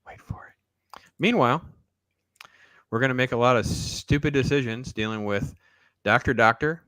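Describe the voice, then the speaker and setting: A man's voice: medium pitch, normal speed, sharp tone, clean tone, no echo. A man hosting a casual reaction stream, riffing sarcastically and talking straight to his viewers. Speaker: show host.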